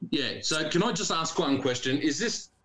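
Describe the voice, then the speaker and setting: A man's voice: fairly high pitch, animated, normal speed, fairly bright tone. A man with an Australian accent, telling loose, profane stories in casual chat on a remote call. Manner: loose, profane storytelling with frequent restarts.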